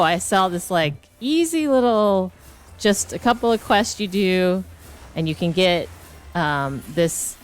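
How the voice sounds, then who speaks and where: A woman streamer talks over her game in a loose, rambling way, stopping and restarting her sentences. Her voice sits a little low for a woman, and faint game music plays underneath. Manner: rambling, full of likes and restarts. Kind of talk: casual gameplay chat.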